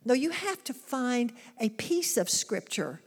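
A woman's voice: fairly high pitch, very animated, a little slow, husky. A woman preaching an earnest sermon, emphatic and fond of rhetorical questions. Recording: long hall reverb.

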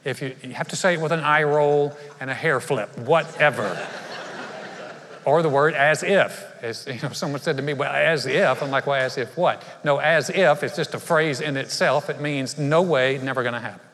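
Pastor preaching in an echoing church. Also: male voice, fairly high pitch, fairly quick, hardly any pauses, fairly bright tone. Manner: conversational storytelling with humor and asides. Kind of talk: sermon. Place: large church sanctuary. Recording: live church hall reverb.

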